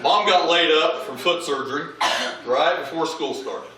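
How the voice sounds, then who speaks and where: A man's voice: fairly high pitch, unhurried, bright, forceful tone, very echoey, distant mic, a little hiss or hum, poor audio. A man giving a humorous eulogy, telling family anecdotes and acting out the voices of the people in them. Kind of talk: storytelling eulogy at a memorial. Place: large memorial hall with audience. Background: audience laughter.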